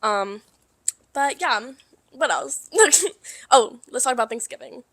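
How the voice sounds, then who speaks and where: A young woman co-hosting a casual podcast, telling a story in an animated way with lots of swearing and laughter. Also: high-pitched, slow, dry recording. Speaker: podcast co-host. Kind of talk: casual chat.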